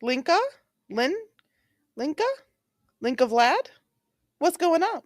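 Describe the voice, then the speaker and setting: A woman's voice: high-pitched, lively intonation, takes it slowly, no room sound, studio quality. A woman hosting a true-crime livestream, giving casual, rambling commentary full of "like" as she reacts to a clip. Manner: chatty and rambling, heavy use of "like". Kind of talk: casual live commentary while watching a clip.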